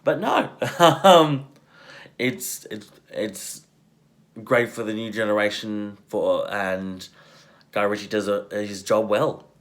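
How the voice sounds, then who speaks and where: A man's voice: on the low side, slow pace. A man giving a casual spoken movie review, rambling with many fillers and restarts, swearing freely and laughing often.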